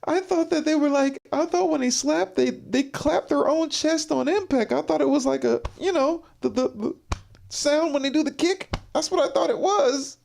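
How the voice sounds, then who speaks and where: A man putting on the voice of a young male wrestler, whining in high, strained disbelief after being slapped. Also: normal speed, vocal fry, darkish tone. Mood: disbelieving. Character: stunned whiny young male wrestler, shocked by pain.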